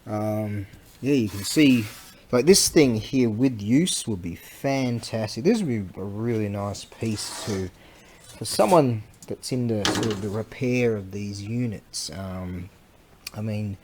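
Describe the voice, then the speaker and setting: A man's voice: mid-range voice, expressive, slow, background noise. Rambling man vlogging. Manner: rambling, loses his train of thought, slangy. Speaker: vlogger selling antiques. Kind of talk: casual rambling chat.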